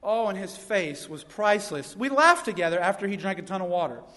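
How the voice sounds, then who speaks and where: A man's voice: high voice, animated, a little fast, fairly bright tone. A young man, a youth pastor preaching a sermon with energy and funny stories. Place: church sanctuary. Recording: long reverb of a church hall.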